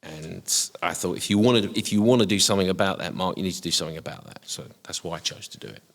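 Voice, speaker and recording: A middle-aged man from Essex with a softened estuary accent, a podcast guest speaking in a hesitant, reflective way with many ums and restarts. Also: low-pitched, fast, vocal fry, long reverb tail. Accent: softened Essex estuary English. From Essex, England. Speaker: guest, HR professional. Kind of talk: casual reflective interview talk.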